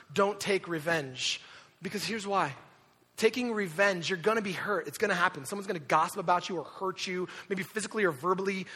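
A man preaching a sermon, telling a personal story with lively asides and quick impressions of the people in it. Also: high voice. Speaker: pastor. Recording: reverberant hall.

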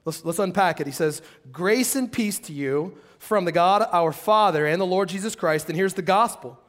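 A man preaching a sermon as pastor in a church service, telling animated stories and acting out the voices of the people he quotes. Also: high-pitched, moderate pace, hardly any pauses, long reverb tail. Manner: drops to a hushed tone when praying.

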